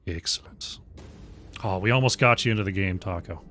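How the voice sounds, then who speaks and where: A man casting an esports match play-by-play in a measured way, with his voice often dropping quietly at the ends of his phrases. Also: low-pitched, soft background music. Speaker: esports caster.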